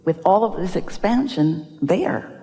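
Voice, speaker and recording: Woman, low mellow voice, inspirational seminar talk, emphatic drawn-out exclamations, long hall reverb. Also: expressive. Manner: speaks as "we", emphatic drawn-out "oh"s and sighs. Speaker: inspirational speaker. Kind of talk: live motivational seminar talk.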